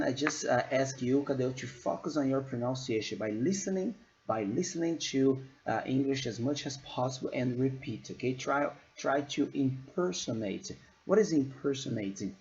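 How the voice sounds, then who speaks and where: A man's voice: mid-range voice, darkish tone. Patient man giving English lessons, lo-fi. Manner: patient, repeats "okay?" after each point. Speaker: English teacher. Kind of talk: giving feedback on a recorded presentation.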